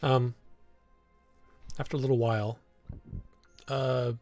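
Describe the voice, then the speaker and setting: A man's voice: mid-range voice, flat delivery, takes it slowly, a little mellow, no room sound, faint music behind. Laid-back male game master. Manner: laid-back narration with frequent laughs and fillers. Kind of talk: narrating a tabletop game.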